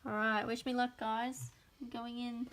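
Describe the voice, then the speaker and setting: A woman's voice: a little high, flat delivery, unhurried, fairly bright tone, slight background noise. An Australian woman giving a live crafting demonstration, chatting to viewers as she works. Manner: chatty, talks to viewers while working. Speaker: papercraft demonstrator.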